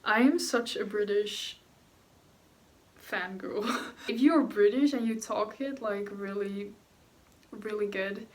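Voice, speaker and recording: A woman's voice: medium pitch, fairly even intonation, slow, long pauses, darkish tone, distant mic. A young woman chatting casually and rambling while she paints, answering viewer questions with giggles. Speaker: vlogger. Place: room at home. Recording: echoey room, voice off-mic.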